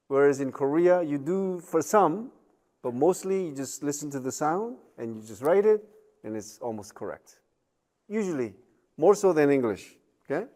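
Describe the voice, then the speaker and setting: A man's voice: a little high, a little mellow. A man giving a recorded university lecture, chatty, with joking asides, many fillers and tag questions.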